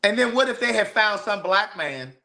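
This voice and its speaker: Guy hosting a podcast, high voice, blunt and animated, swears a lot. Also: moderate pace. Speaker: podcast host. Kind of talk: casual chat.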